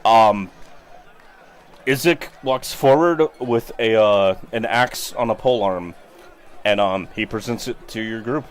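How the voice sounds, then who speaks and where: Give me a slow, relaxed male game master narrating a tabletop game. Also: lowish voice. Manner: relaxed, searching narration with many ums.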